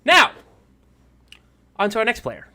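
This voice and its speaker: A man narrating a tabletop game as game master, pausing often with filler sounds. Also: high-pitched, wildly swooping pitch, pushed and bright. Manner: halting, lots of "um" pauses.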